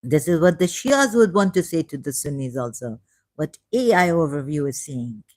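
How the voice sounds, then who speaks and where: A woman's voice: low voice, sing-song, moderate pace, a little mellow. A woman giving casual, sarcastic commentary while reading aloud from a screen. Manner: sarcastic, mocking. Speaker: video creator.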